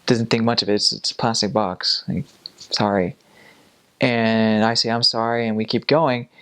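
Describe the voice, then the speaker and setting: A young man, a former missionary, telling an animated story in a casual vlog, laughing and acting out voices. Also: on the low side, normal speed, clear, resonant tone. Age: young adult.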